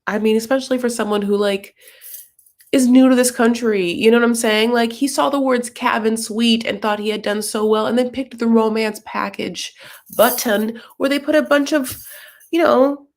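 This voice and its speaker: A woman's voice: on the high side, steady tone, normal speed. A woman giving casual, sarcastic commentary on a reality show, rambling with lots of fillers.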